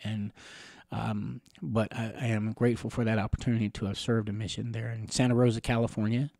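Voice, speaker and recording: A middle-aged man from the Catawba Nation telling personal stories in an interview, rambling gently with chuckles and fillers. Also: fairly low pitch, little pitch movement, a little fast, creaky, no room sound. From Catawba Nation, Carolinas, USA.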